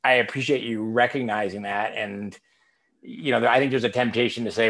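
A man hosting an interview, talking in a measured way and steering it with questions. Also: medium pitch, fairly bright tone. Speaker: interview host. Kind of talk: interview conversation.

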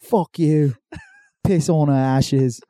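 A man voicing a crude, foul-mouthed British man baking a cake, in a high mock-British accent and swearing nonstop. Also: slow pace, warm tone, no room sound, studio quality. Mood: rowdy. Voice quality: high-pitched, swearing constantly.

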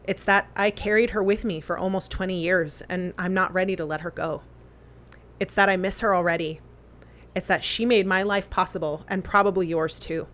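A woman earnestly reading a memorial letter aloud, with deliberate phrasing. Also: on the low side, steady tone, a bit bright.

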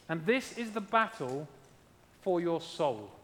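High-voiced pastor preaching in a hall. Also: male voice, big pitch swings, unhurried, fairly bright tone. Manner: emphatic, repeats key lines, asks the congregation directly. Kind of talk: sermon.

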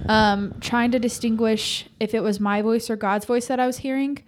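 A woman's voice: fairly high pitch, normal speed, hardly any pauses, noisy background. A young woman co-hosting a podcast, talking casually and openly about her faith with lots of fillers and a self-deprecating streak. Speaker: podcast co-host.

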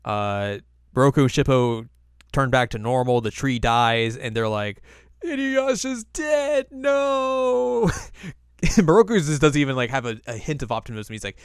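A podcast co-host with a clear, resonant mid-range voice speaks at a moderate pace on a dry, studio-quality recording. He recaps episodes casually in a loose, laid-back style.

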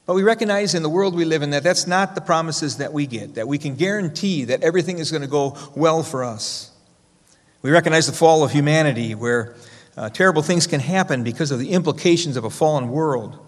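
A man preaching a sermon with a slightly raised pitch, his voice carrying long reverb through a church hall. He swings between loud, emphatic stresses and soft, slowed-down quotations. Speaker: pastor.

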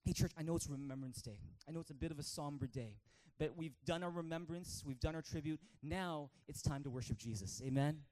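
A man with a Canadian accent preaching a lively sermon in church, calling for amens and acting out a childhood story. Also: on the high side, fairly quick, hardly any pauses. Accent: Canadian English. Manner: energetic, calls for amens, tells stories with acted-out voices. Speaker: pastor.

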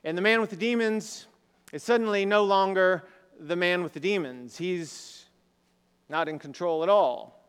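This man's sermon comes in a high-pitched, clean voice at an unhurried pace. Speaking as a pastor in a conversational style, he often asks the congregation rhetorical questions, and the sound has long hall reverb.

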